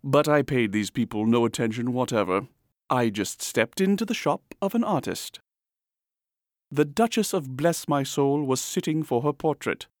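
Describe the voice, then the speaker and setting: A man reading a story aloud, measured and expressive, with comic emphasis. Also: medium pitch, no echo, studio quality. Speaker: audiobook narrator. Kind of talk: storybook reading with voiced characters.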